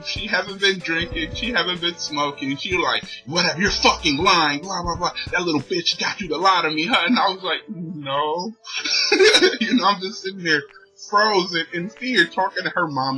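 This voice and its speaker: A man's voice: fairly high pitch, bright, forceful tone, low-quality recording. A young man vlogging, telling a long personal story in loose slangy talk and laughing as he goes. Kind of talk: casual storytelling.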